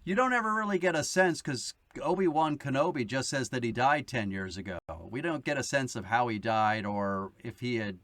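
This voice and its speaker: A man's voice: mid-range voice, moderate pace, few pauses, fairly bright tone, no echo. A man co-hosting a podcast in casual chat, easygoing and agreeable. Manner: easygoing, laughs along, agreeable. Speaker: podcast co-host.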